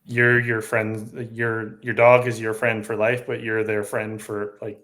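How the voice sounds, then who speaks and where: A man hosting a podcast interview who affirms and restates his guest's points in a relaxed, casual way. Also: fairly low pitch, measured pace. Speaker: podcast host.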